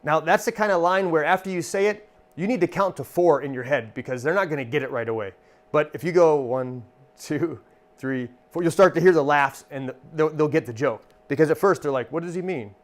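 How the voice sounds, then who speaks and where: A man with a slightly higher voice teaches performers how to handle interruptions on stage. He talks in a relaxed, chatty storytelling way and acts out quick comic comebacks as he goes. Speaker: stage entertainer and magician. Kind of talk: instructional talk demonstrating comic one-liners.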